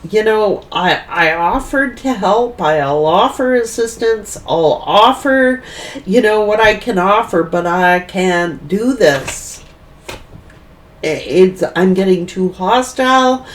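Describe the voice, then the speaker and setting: Slow, rambling woman tarot reader. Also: medium pitch, recorded from a distance. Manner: rambling and repetitive, thinking aloud. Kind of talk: tarot reading monologue.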